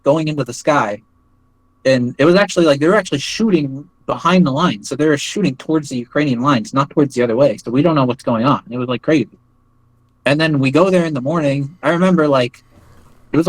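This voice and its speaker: A man's voice: mid-range voice, dry recording, rough recording. A young man telling a story in a casual interview, rambling, with many fillers and acted-out quotes. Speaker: interview guest, former foreign volunteer soldier.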